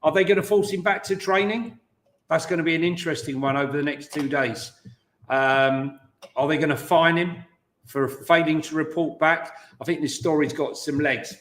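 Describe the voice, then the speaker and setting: A man co-hosting a football podcast, talking through the news in a relaxed way with plenty of "um" and "look". His voice is a touch high. The room around him sounds echoey. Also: moderate pace. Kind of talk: casual football chat.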